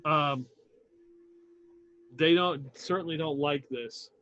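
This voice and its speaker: A man's voice: a little high, slow, bright, forceful tone, lo-fi sound. Laid-back man running a tabletop game. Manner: casual, swears, lots of fillers. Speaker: game master.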